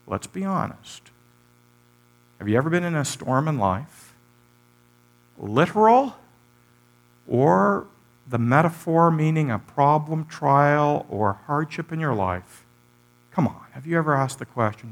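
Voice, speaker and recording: A man preaching a sermon, animated, with sweeping pitch swings and rhetorical questions to the congregation. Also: a little slow. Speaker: pastor.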